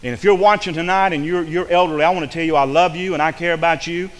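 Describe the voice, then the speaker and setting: Fervent preacher in a reverberant hall. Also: male voice, on the high side, steady tone, quick pace. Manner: fervent preaching with repeated phrases and restarts. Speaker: pastor. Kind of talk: sermon.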